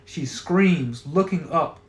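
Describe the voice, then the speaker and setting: A man's voice: a little high, slow pace, reverberant. A man telling a crude story in a profane, offhand way.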